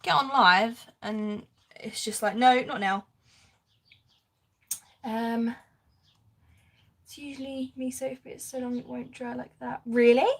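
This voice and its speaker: A woman hosts a live crafting stream, chatting casually as she works. Her voice sits a little high, and she laughs often while reading out and answering comments from viewers. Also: steady tone, unhurried, creaky, slightly rough.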